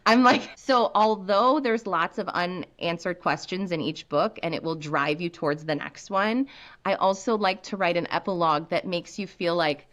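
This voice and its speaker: A woman's voice: fairly low pitch, moderate pace, a bit bright, highs cut off. An American woman author talking animatedly as a guest on a podcast, laughing often. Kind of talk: podcast interview.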